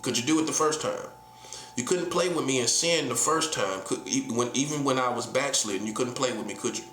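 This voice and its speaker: A man's voice: medium pitch, fairly quick, a bit bright, reverberant, slight background noise. A man from North Carolina with a Southern accent, preaching in a casual, emphatic monologue full of rhetorical questions and slang. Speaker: prophet.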